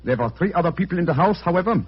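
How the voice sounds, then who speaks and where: An actor playing a detective in disguise, putting on a German accent as a count, stiff and formal, in 1940s radio acting. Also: male voice, high voice, expressive, rapid-fire, husky, voice pushed up. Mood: explaining. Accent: put-on German. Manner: stiff, formal, mock-courteous. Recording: dull old radio recording.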